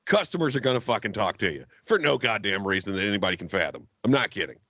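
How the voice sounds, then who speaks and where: A young man co-hosting a comedy podcast, ranting and mocking his partner with loud, profane banter. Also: on the low side, animated, quick pace, dry recording, dull audio. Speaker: podcast co-host.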